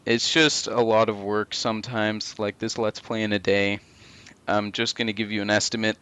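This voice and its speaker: A young man in his late teens talking casually as co-host of a gaming channel, candid and quick to swear. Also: fairly low pitch, flat delivery, fairly bright tone, clear, resonant tone, dry recording. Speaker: co-host and video editor. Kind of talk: casual chat.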